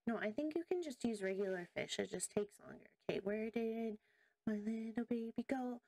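A woman hosting a casual let's-play video, chatting to viewers and to in-game creatures as she thinks aloud and gets easily excited. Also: a little high, moderate pace, no echo. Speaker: gaming video host.

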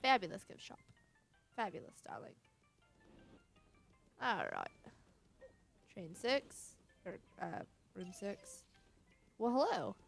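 A woman's voice: medium pitch, lively intonation, slow, creaky, long pauses, soft background music. A young woman giving casual, wisecracking commentary while playing a video game, with the occasional swear. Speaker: let's play host.

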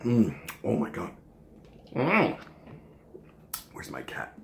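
A man's voice: lowish voice, wildly swooping pitch, slow, gravelly, a bit bright, reverberant, slight background noise. A man reviewing a supplement in a casual vlog from his home kitchen, joking and swearing as he rambles.

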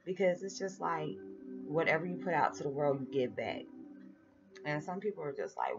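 A woman with a low voice gives a casual spiritual vlog in a gentle, earnest way. The sound is dull and lo-fi, and clear meditation music plays behind her. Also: expressive, moderate pace. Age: 40s. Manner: gentle, earnest, repeats "it's just like". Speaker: vlogger.

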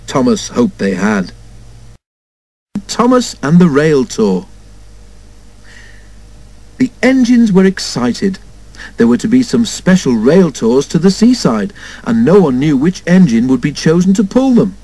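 A man reading a children's storybook aloud in an expressive way, doing all the character voices himself. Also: a little high, a little slow, pauses often, rough recording. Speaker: storybook narrator.

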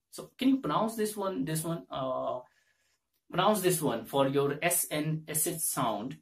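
A man's voice: on the high side, animated, measured pace, gravelly, distant mic. Indian man drilling English sounds. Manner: repeats drill words many times over. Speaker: English pronunciation teacher. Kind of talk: casual spoken lesson.

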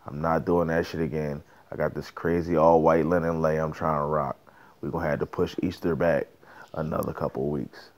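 A man's voice: rumbling low, little pitch movement, normal speed, darkish tone. A man doing a griping slangy church leader. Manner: complaining, slangy. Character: male church leader griping about cold weather.

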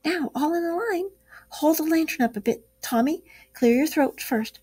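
A woman's voice: high-pitched, animated, moderate pace, darkish tone, pitched above the performer's own voice. A woman voicing a small, polite young male field mouse who speaks respectfully in a storybook read-aloud. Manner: respectful, eager.

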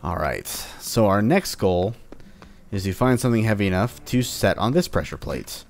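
A man with a fairly low voice talks through his gameplay in a relaxed, offhand way. He cracks jokes and taunts the monsters as he fights them. A little music sits faintly underneath his voice. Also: normal speed. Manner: playful, jokingly taunts enemies. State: sore upper back. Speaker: let's-play host. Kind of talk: casual gameplay commentary.

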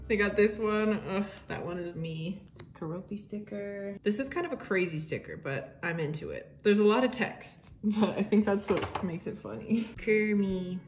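A woman's voice: mid-range voice, reverberant. A young woman chatting to herself while packing orders, cheerful and a bit chaotic, with the odd swear. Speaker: small artist packing shop orders. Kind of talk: chatty packing vlog voice-over. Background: background music.

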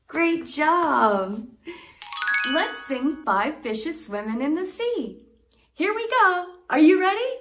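Very slow, bright-voiced woman teaching toddlers. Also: very high-pitched, expressive. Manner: exaggerated, encouraging, with frequent praise.

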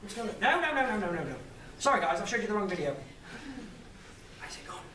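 A man's voice: sits high, sing-song, fast, bright, forceful tone, a little hiss or hum. Chatty young man in an echoey hall. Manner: chatty, laughing, self-deprecating. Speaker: guest speaker. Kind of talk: public talk with slides. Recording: echoey room, voice from far off.

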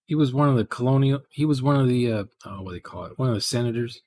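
A man's voice: medium pitch, fast talker, dark tone. A man, casually chatting with viewers during a live programming stream, rambling and thinking aloud.

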